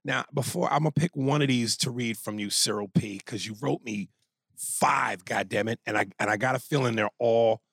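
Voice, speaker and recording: A male podcast host with a gravelly, fry-laden voice, reading listener mail and joking through it with plenty of swearing. His voice sits at an ordinary pitch, and the recording is dry and close, with no room sound. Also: moderate pace, dry recording. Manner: profane, joking, animated reader. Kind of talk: casual chat, reading listener emails aloud.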